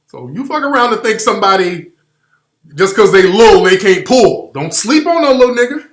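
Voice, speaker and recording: A man telling profane comic stories in a loud, riffing podcast chat. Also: high voice, sing-song, normal speed. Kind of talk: comedic storytelling on a podcast. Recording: roomy studio echo.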